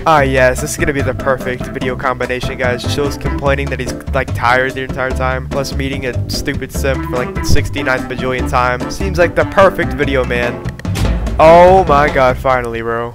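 A man's voice: mid-range voice, brisk, a bit bright, soft background music. A young man giving tired yet jokey, casual commentary over a game, jumping into mock-dramatic voices. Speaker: gaming YouTuber.

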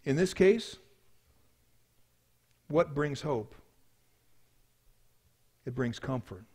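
A man preaching a sermon as pastor, telling a story with swings from hushed to loud. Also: mid-range voice, expressive, very slow, husky.

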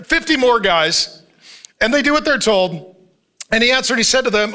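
A man pastor preaching a sermon as an animated, joking storyteller who chuckles often. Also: extremely high pitch, moderate pace.

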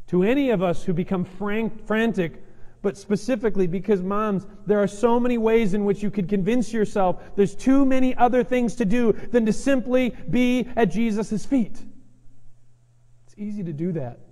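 A man's voice: sits high, normal speed. A preaching man in a reverberant church. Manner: earnest, emphatic preaching that swings between loud urgency and soft gentle stretches. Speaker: pastor. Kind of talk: sermon. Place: church sanctuary.

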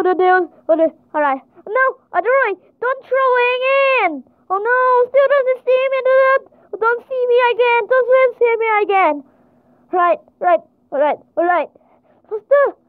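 Very high, excitable woman gaming. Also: dry recording. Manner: excitable, frequent panicked exclamations. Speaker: gamer. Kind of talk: panicked gameplay commentary. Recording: tinny phone-like sound, dry.

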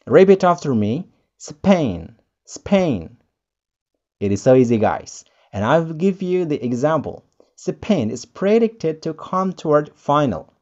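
An English teacher, running a pronunciation lesson, repeating each word slowly and emphatically, with playful chatty asides. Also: medium pitch, a little mellow, lo-fi sound. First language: Indonesian. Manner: slow, emphatic repetition of words. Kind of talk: pronunciation lesson, drilling words.

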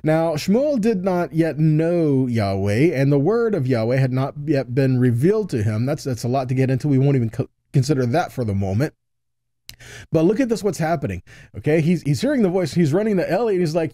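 Guy teaching from the bible, warm mellow voice, bit on the higher side, lots of "right?" asides. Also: sing-song, normal speed, no echo, studio quality. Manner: reads scripture aloud with frequent asides and repetitions.

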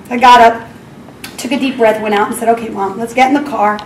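A woman in her forties, voice a little high, speaks briskly with fairly even intonation as she tells parents a personal faith story at a school parenting talk. Earnest and storytelling, she acts out her prayers with mounting emotion, recorded far off in an echoey school hall with faint ambient noise.

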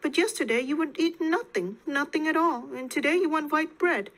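A woman's voice: high-pitched, normal speed, a bit bright, voice pushed up, rough recording. A woman voicing a burly, good-humored young male farmer who teases and chuckles as he talks, in an audiobook reading. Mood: amused. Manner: teasing, chuckling.

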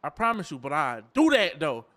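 A man streaming a game role-play, talking in a pushy, insistent way that sometimes drops to a low pleading tone. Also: big pitch swings, brisk, sharp tone. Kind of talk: casual role-play banter.

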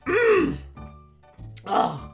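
Hoarse guy ranting over a game, slow dramatic delivery, pitch jumping all over, bit of music behind. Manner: dramatic, animated venting. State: hoarse, sore throat. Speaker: main host of a gaming channel. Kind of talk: casual let's-play commentary.

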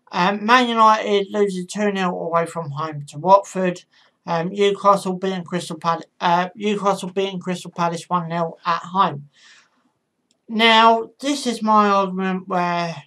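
Her voice on the low side and a bit bright, a woman hosts a football channel where she discusses match predictions. She sounds casual and hesitant, with plenty of ums and self-corrections.

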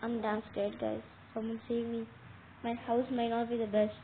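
A woman giving casual game commentary, talking straight to viewers with excitable, dramatic alarm. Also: a little high, normal speed. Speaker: gameplay commentator. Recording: tinny phone-like audio with faint noise.

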